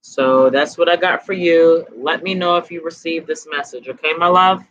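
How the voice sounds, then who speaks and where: A woman giving tarot readings on a casual live stream, chatting in a relaxed, slangy way, tired and sweaty. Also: sits low, normal speed, muffled recording. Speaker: tarot reader.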